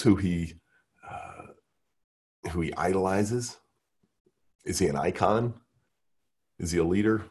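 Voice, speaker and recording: A man leading an interactive workshop, energetic and coaxing, who keeps firing questions at the group. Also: low-pitched, husky. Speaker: workshop leader.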